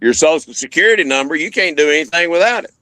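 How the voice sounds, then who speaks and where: A man's voice: a little high, animated, fast talker, pushed and bright, no echo. Plain-spoken man, dry sound. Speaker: co-host. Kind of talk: casual chat.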